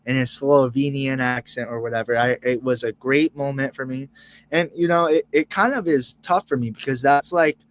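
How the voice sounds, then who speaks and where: A man's voice: medium pitch, normal speed, no echo. A young man reacting live as co-host of a sports fan show, emotional and rambling, restarting and repeating words.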